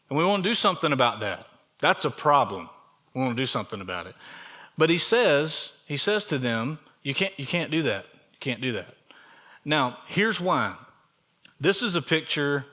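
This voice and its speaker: A man's voice: on the high side, pushed and bright. A man with a Southern US accent preaching a sermon as pastor of a church, in a conversational way, asking the congregation questions as he goes. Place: church sanctuary.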